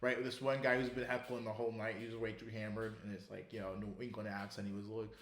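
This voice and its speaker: In a casual sports chat, this man co-hosting a podcast speaks fast in a fairly low voice, swearing freely and rambling with many restarts in an animated manner. The recording has a roomy sound.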